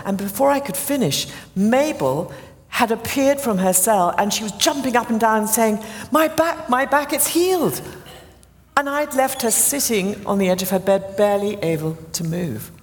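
A woman guest telling a story about her prayer ministry, animated and rising high when excited. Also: moderate pace, long reverb tail. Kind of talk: storytelling interview.

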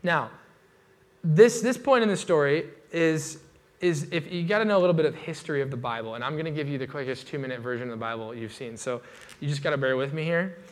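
A man delivers a sermon in a relaxed, conversational manner, his voice sitting a little high. He leans on fillers and restarts and swings between emphatic bursts and quieter asides. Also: quick pace. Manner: casual and animated, many "like" fillers and restarts.

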